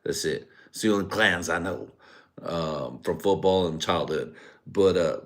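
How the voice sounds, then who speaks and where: A man's voice: deep voice, unhurried, a bit bright. A man from Central California hosting a live stream, rambling through a profane casual rant with crude jokes and frequent laughter.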